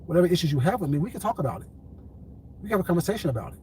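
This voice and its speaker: A man streaming on YouTube, speaking in a calm, controlled, deliberate way and repeating his points for emphasis. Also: on the high side, a little hiss or hum, poor audio. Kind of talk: heated livestream commentary.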